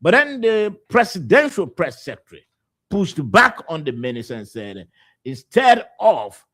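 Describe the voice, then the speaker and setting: A Liberian-accented man opens a live radio talk show from the studio with a voice pitched a little high. He talks loosely, filling gaps with uhs and you-knows and repeating himself as he rolls through what is coming up. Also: sing-song, normal speed, fairly bright tone. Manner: loose, filler-heavy delivery with many uhs and repeated words.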